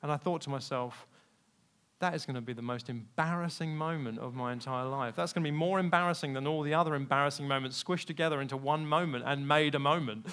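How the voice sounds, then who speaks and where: A man preaching a sermon, telling personal stories candidly and swinging between quiet asides and loud, emphatic peaks. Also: on the high side, a little fast, smooth. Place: church service.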